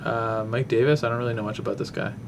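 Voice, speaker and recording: A man of ordinary pitch talks through upcoming fights in a loose, off-the-cuff way, full of ums and half-finished thoughts. He sounds close to the microphone, with a faint rumble underneath. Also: steady tone, fast. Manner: rambling, thinking aloud with many fillers. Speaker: podcast host. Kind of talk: casual fight breakdown.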